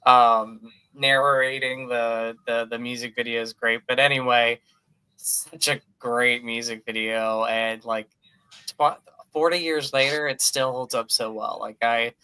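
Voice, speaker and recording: Bright, clear-voiced man gushing about films. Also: medium pitch, a little slow. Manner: animated, gushing, many fillers. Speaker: podcast co-host. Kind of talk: casual movie chat.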